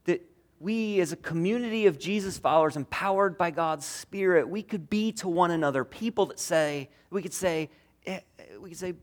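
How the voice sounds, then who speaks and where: A man preaching a sermon as pastor, earnest, moving between strong emphasis and hushed tender passages. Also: sits high, normal speed. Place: church.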